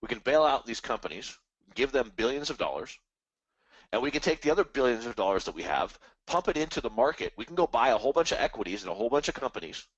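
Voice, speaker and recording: A man's voice: mid-range voice, very animated, fast talker, slightly rough, no echo, muffled recording. A man hosting a live trading stream, rambling casually and animatedly about markets and the economy, now and then mimicking other people's voices. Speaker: trading webinar host.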